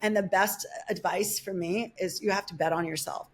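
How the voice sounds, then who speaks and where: A woman in the middle of her range, talking through her career as a podcast guest. She tells stories quickly and vividly, stops herself mid-sentence and starts again, and slips into other people's voices when she quotes them. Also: medium pitch. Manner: animated, quick storyteller with many restarts; acts out other people's words in shifting voices. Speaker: life coach and podcast guest. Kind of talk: casual storytelling interview.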